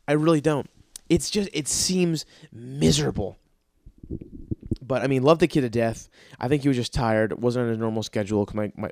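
A man's voice: on the high side, vocal fry, a little mellow, no echo, studio quality. A man hosting a podcast, telling rambling, profane stories in a casual monologue. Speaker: podcast host.

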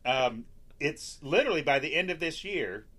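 An older man co-hosting a casual podcast, agreeable and quick to chuckle. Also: on the high side, animated, pushed and bright, breathy edge. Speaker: podcast co-host.

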